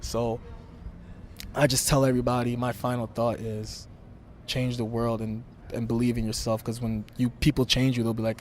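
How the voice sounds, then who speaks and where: A man's voice: mid-range voice, level tone, moderate pace, a little mellow, a little hiss or hum. A young man from Brooklyn, talking brashly and emphatically as a wrestler guest in an interview. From Brooklyn, New York. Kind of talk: interview talk.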